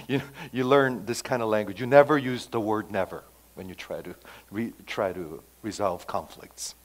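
A man preaching a sermon, emphatic, swinging between loud outbursts and hushed asides. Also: mid-range voice, lively intonation, normal speed. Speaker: pastor.

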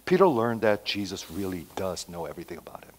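A man preaching a sermon, acting out quotes and swinging between loud emphatic lines and quiet asides. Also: low voice, sing-song, fast. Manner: acts out quoted dialogue, repeats phrases. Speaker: pastor.

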